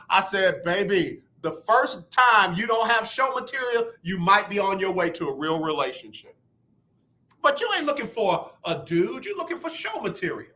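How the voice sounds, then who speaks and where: A man's voice: high-pitched, moderate pace. A man hosting a radio talk show, chatting casually and acting out both sides of conversations. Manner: animated, acts out both sides of talks.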